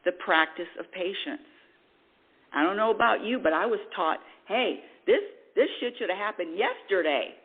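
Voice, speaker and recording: Woman, spiritual radio host, animated preaching, tinny phone-like sound. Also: medium pitch, normal speed, husky. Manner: animated, preachy, acts out quoted voices. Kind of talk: spiritual talk radio monologue.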